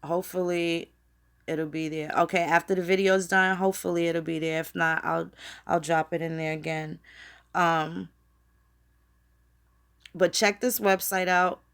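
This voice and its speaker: A woman's voice: fairly low pitch, steady tone, measured pace, pauses often, fairly bright tone, clear, resonant tone. A woman hosting a casual livestream. She rambles and swears freely, talking straight to her viewers as she works at her computer. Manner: rambling, profane, conversational, addresses viewers directly. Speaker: channel host.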